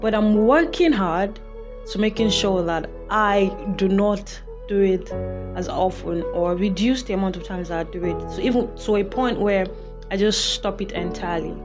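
An earnest woman talks through personal advice in an unhurried, reflective way, circling back to repeat her main points. Her voice sits in an ordinary middle pitch. Clear music plays underneath her throughout. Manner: earnest, repeats key phrases. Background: background music.

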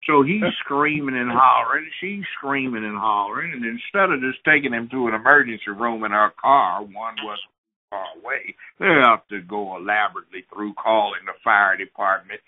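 A judge appears as a guest on an interview show, telling stories and handing out advice in an emphatic, lecturing manner. He speaks at a moderate pace in a mid-range voice, and the audio sounds narrow, like a phone line.

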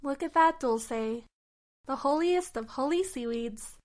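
A woman's voice: high-pitched, expressive, takes it slowly, darkish tone. A woman co-host in a comedy sketch, playing a cheerfully clueless tour guide. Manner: playfully clueless.

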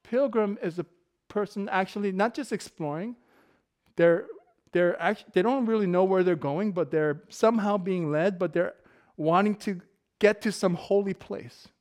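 Joking man preaching, slightly high voice. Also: normal speed, a little mellow. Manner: casual, joking, laughs often. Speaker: pastor. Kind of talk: sermon with personal stories.

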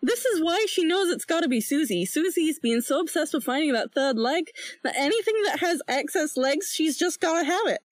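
A woman narrates her tabletop character in a rambling, casual way, full of fillers. Her voice is high and lively. The sound is close and dry. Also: moderate pace, no echo.

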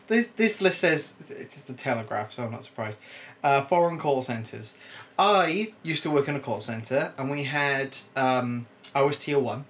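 A man's voice: medium pitch, lively intonation, a little slow, a bit bright. A young man, chatting casually and rambling with frequent restarts. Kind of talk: casual chat.

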